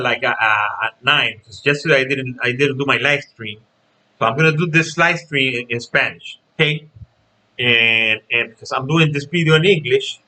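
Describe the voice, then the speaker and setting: A man's voice: medium pitch, bright, forceful tone, low-quality recording. A man hosting his own boxing vlog in a casual, emphatic way, repeating his points and often checking in with "okay?". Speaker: boxing channel host.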